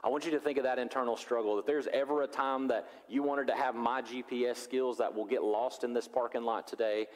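A pastor preaching a sermon, animated and acting out the characters of the story. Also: male voice, medium pitch, fairly quick, few pauses. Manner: animated, acts out biblical characters in voices. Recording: long reverb of a large hall.

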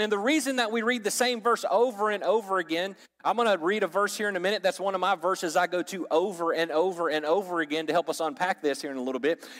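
A man preaches a teaching sermon to his congregation, talking casually and tossing questions to the room. His voice sits a bit high for a man. The sound rings with a long hall reverb. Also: a bit bright. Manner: conversational, asks the audience questions, jokes. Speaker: pastor or Bible teacher.

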